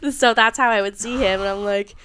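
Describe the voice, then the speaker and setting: A woman in her thirties, a guest on a casual chat show, telling animated stories, laughing often and acting out what people said. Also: fairly high pitch, moderate pace, a little hiss or hum. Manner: animated storyteller, laughs often, acts out quotes.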